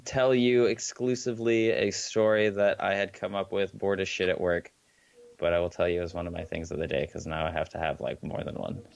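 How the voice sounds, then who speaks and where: A man with a very low voice co-hosting a casual podcast. He talks in a sleepy, deadpan way with sarcastic jabs. The recording is dry and close. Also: a little fast, vocal fry, dry recording, highs cut off. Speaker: podcast co-host. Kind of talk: casual chat.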